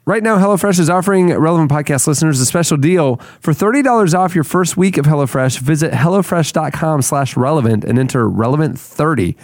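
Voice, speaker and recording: A man's voice: a little high, expressive, brisk, hardly any pauses, no room sound, clean studio sound. A man hosting a podcast, running segments and reading an ad in an upbeat, casual way. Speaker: podcast host. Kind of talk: casual podcast chat and read ads.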